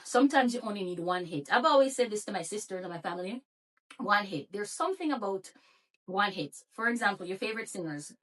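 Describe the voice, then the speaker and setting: A woman with a Jamaican accent speaks in a relaxed, motivational vlog. She works as a therapist and makes videos, and she keeps her viewers going with pep talk and repeated rhetorical questions. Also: mid-range voice, brisk, recorded from a distance. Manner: encouraging, full of rhetorical questions. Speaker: YouTube creator and therapist.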